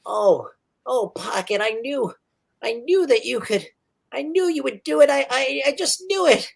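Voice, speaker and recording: A woman voicing a nervous, excitable male gnome inventor who stammers and rambles through his words in a tabletop game. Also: medium pitch, normal speed, pitched above the performer's own voice, natural voice. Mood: tearful relief.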